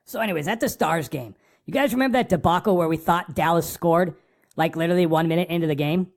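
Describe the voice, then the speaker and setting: A man hosting a casual hockey podcast, recapping games in excitable, profane fan talk and acting out his own remarks. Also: a little high, quick pace, gravelly.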